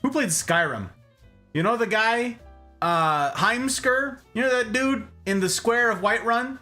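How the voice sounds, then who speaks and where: A man hosting a casual explanatory chat, jokey and animated, often checking in with "okay?". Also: very high voice, a little slow, faint music behind. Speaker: host.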